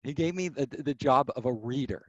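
A middle-aged man, a podcast guest, telling stories of his career in an animated way and acting out the voices of people he quotes. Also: medium pitch, normal speed, no room sound, highs cut off. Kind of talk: storytelling interview.

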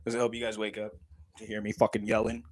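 A man's voice: fairly low pitch, monotone, fast, no echo. A man, chatting casually on a livestream, joking, laughing often and swearing freely. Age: 30s. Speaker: livestream vlogger.

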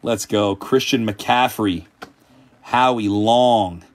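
Unhurried man hosting a card-break stream. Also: on the low side. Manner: excitable, calls out player names, shouts at big hits. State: hungry and sweaty late in a long stream. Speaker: host of a card-breaking livestream. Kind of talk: casual livestream commentary while opening card packs.

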